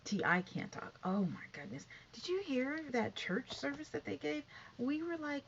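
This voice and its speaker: A middle-aged woman giving chatty, sassy gossip commentary, sometimes dropping to hushed asides. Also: high voice, sing-song, normal speed, creaky, lo-fi sound, slight background noise. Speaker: commentary vlogger.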